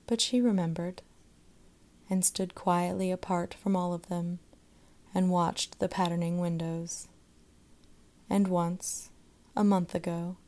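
Slow, mellow woman storyteller. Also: lowish voice. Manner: measured, expressive storytelling. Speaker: narrator. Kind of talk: scripted narration of a short story.

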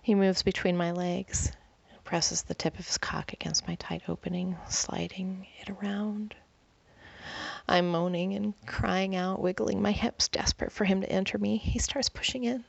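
A woman with a breathy, husky whisper, narrating a first-person story as whispered role-play. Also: mid-range voice, fairly even intonation, normal speed, dry recording, muffled recording.

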